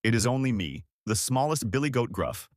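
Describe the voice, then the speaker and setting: A man voicing a soft, timid little billy goat. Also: mid-range voice, very animated, brisk, no echo, clean studio sound, close to an everyday voice. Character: smallest male billy goat, timid but brave.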